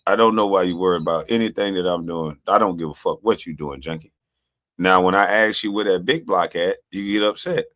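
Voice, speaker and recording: A man's voice: low voice, a little fast, a bit bright. A man streaming commentary on video clips, taunting and dismissive. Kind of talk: casual reaction commentary.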